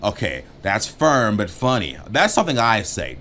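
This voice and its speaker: A man co-hosting a dating advice chat, joking and talking without a filter, swinging between loud bursts and muttered asides. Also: fairly low pitch, huge pitch swings, normal speed, slight background noise. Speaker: co-host giving dating advice. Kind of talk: casual uncensored chat.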